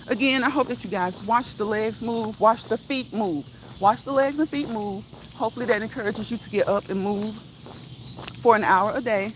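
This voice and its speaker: A woman's voice: a little high, slight background noise, rough recording. A woman hosting a live walk-and-talk stream outdoors, chatting casually, laughing often and reading viewer comments aloud. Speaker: livestream host. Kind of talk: casual live chat while walking.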